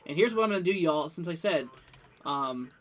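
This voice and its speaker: A young man hosting a live weather stream, rambling with many fillers and bursts of excitement. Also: fairly high pitch, normal speed. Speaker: livestream weather host. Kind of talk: casual live weather commentary.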